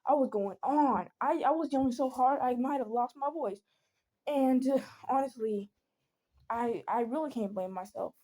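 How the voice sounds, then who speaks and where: A woman's voice: sits high, moderate pace, warm tone. Young woman rambling through a storytime. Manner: rambling, with many fillers and restarts. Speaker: vlogger. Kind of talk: casual storytime venting.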